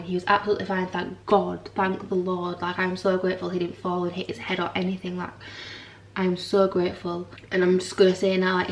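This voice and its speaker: A woman's voice: lowish voice, roomy sound, far from the mic, slight background noise. A young mother vlogging in a frank, rambling chat to camera, tired and swearing now and then. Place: home.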